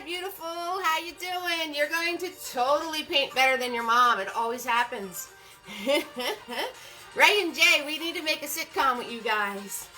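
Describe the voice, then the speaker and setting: A woman's voice: sits high, bright, forceful tone, poor audio. A woman hosting a live-streamed painting class, upbeat and greeting viewers by name as they join.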